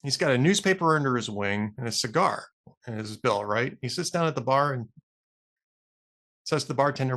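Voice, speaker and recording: Lively, chatty male podcast host. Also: mid-range voice, fairly quick. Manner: chatty, lively joke-telling with fillers. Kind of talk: casual chat.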